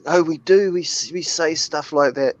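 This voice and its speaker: A man with a New Zealand accent in a casual chat, telling stories in a slow, laid-back way and laughing often. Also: a little high, low-quality recording.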